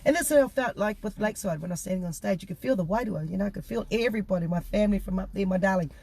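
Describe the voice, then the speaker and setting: A woman's voice: medium pitch, rapid-fire, vocal fry, breathy edge. Bubbly New Zealand woman singer. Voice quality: laughs often, bubbly and warm-hearted. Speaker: singer and guest. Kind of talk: casual interview chat.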